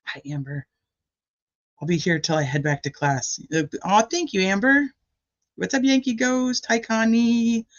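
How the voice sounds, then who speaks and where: A woman's voice: fairly high pitch, a little slow. A woman hosting a casual live stream, rambling and greeting chat viewers by name. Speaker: livestream host. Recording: dull lo-fi stream audio.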